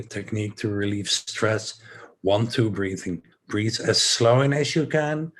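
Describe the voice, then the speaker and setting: Slow, calming breathing instructions come from this Dutch man, whose voice sits at a fairly low pitch. His manner is relaxed and self-deprecating, and he wanders into easygoing, rambling asides as he guides the session.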